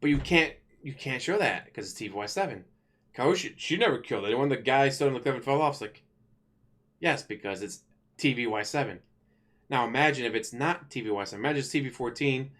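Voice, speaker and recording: A man with an ordinary mid-range voice rants casually into the camera. He complains in an animated way and drops swear words freely. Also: medium pitch, brisk. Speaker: vlogger. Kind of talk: casual ranting commentary.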